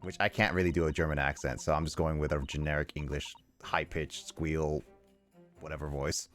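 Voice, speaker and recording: A man's voice: extremely low pitch, flat delivery, fairly quick, fairly bright tone, faint music behind. A man streaming a video game, chatting casually in a rambling, self-deprecating way. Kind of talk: casual chat while playing a game.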